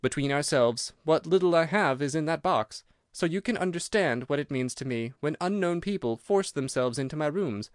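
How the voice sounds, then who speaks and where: Nervous heavyset man, reedy and quivering, pitched up high , voiced by a male audiobook reader; dry close recording. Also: lively intonation, moderate pace, hardly any pauses, dry recording, lightly acted. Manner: nervous, pleading. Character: nervous fat older man, frightened and evasive. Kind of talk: audiobook character reading.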